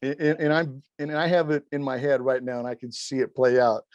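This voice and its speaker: A middle-aged man, a former wrestling referee, telling stories as an interview guest in an animated, rambling way, swearing constantly and acting out quotes. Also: mid-range voice, fairly quick, dry recording, muffled recording. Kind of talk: profane, rambling storytelling.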